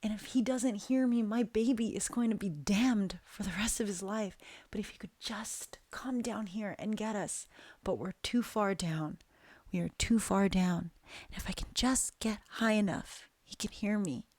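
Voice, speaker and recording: A woman voicing a grieving, desperate young mother who pleads over and over in a hushed, breathy voice. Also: medium pitch, a little slow, no echo, close to an everyday voice. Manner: repetitive, fixated whispering.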